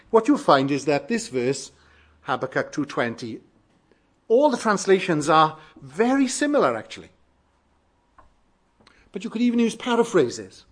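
A man's voice: fairly high pitch, husky. A male preacher giving a sermon, emphatic, repeating phrases with shifting stress.

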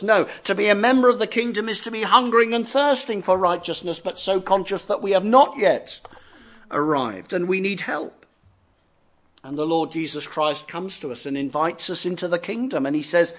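Earnest high-voiced male preacher. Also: fairly bright tone. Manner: earnest, varied emphasis, slows down on key phrases. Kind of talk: sermon.

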